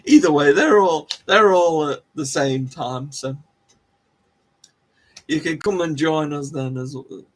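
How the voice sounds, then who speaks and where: A man's voice: a little high, slow, long pauses. A man hosting a live stream, chatting casually with viewers in a rambling, self-deprecating way. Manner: rambling, self-deprecating, restarts and laughs often. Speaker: livestream host.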